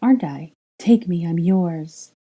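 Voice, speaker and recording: A bold, cheeky young witch, put on by a woman reading a story aloud. She teases in a playful, breathy drawl. Her voice sits higher than the reader's mellow low tone. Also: sing-song, normal speed.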